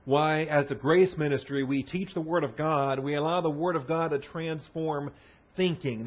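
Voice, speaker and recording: A man with a somewhat husky voice delivers a verse-by-verse Bible sermon. He repeats key words for emphasis and often restarts his phrases. The recording sounds a little dull and lo-fi. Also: a little high, moderate pace. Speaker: Bible teacher.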